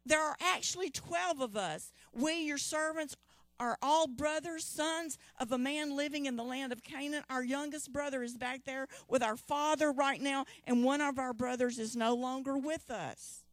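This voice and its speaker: A woman's voice: sits high, normal speed, dry recording, voice pushed up, natural voice. A woman preacher voicing a group of frightened brothers pleading with a ruler in a sermon. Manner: pleading, eager.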